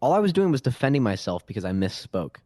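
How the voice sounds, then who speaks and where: A man's voice: mid-range voice, very animated, fast talker, a little mellow, dry recording. A man on a gaming podcast with a stuffy, nasal voice from congestion, joking defensively in casual chat. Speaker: podcast co-host.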